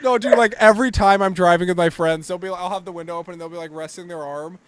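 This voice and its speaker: A young man with a fairly high voice on a comedy podcast. He talks excitably, swears a lot and keeps saying "dude". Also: fast talker, clean tone, dry recording. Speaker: podcast co-host. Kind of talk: casual chat.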